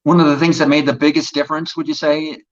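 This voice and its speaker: A man's voice: a little high, little pitch movement, fast talker. Earnest male actor, lo-fi sound. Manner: earnest, reflective storytelling. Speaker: actor, interview guest. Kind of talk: casual interview chat.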